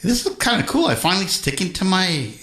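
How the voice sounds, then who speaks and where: A man's voice: high-pitched, sing-song, brisk, pushed and bright. A man hosting a live music stream, chatting casually with viewers between songs in an easygoing, rambling way. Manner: rambling, easygoing, self-interrupting. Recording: roomy, with acoustic guitar behind. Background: acoustic guitar.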